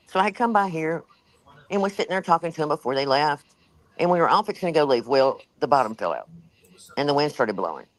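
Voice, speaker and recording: With an extremely low-pitched voice, this older woman tells a meandering, filler-heavy tale to her livestream chat, sounding slightly out of breath. The audio is dry and low in quality.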